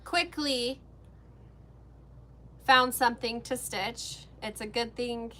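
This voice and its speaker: A woman co-hosts a relaxed livestream from a craft shop, chatting easily as she stitches. She laughs often, and her voice sits a little high and sounds bright. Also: slow. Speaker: shop co-host. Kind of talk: casual livestream chat while stitching.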